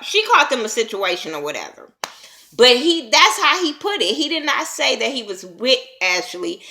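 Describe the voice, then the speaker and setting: A woman giving a blunt, profane, casual recap of a reality TV episode, acting out the reactions as she goes. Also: fairly high pitch. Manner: blunt, profane, animated retelling with voiced reactions. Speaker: TV show reviewer.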